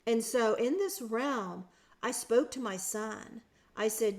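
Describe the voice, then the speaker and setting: A woman's voice: a little high, slow, darkish tone. Earnest woman telling a personal story. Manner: earnest, emotional, with frequent restarts. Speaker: podcast guest.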